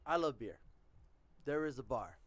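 A man's voice: mid-range voice, expressive, unhurried. A young man co-hosting a podcast, chatting casually over beers and rambling, swearing and restarting whenever he loses his thread. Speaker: podcast co-host.

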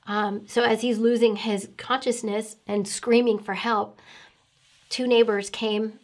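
A middle-aged woman speaks with an earnest, emotional tone. Her pitch stays fairly level and flat, and she hesitates often with fillers as she tells her testimony. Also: measured pace. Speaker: guest sharing testimony. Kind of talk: personal faith testimony.

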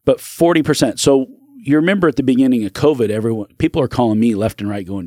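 A man's voice: mid-range voice, fast, few pauses, warm tone, no room sound, studio quality. A man who is a real estate broker and podcast guest, talking in an earnest, rambling way with restarts. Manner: earnest, rambling with restarts, acts out quoted voices. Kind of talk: casual interview talk.

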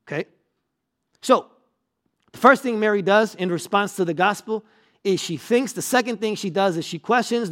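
A man's voice: high voice, fairly bright tone. A man preaching a sermon as pastor, talking conversationally with the congregation, checking in with them and repeating words as he builds a point.

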